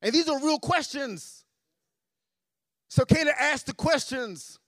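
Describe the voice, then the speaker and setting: Guy preaching a sermon, highish voice, dry close sound, goes quiet then loud, repeats himself a lot. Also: animated, takes it slowly, dry recording. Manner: impassioned preaching, repeats phrases, swings between soft and loud. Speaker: pastor. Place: church sanctuary.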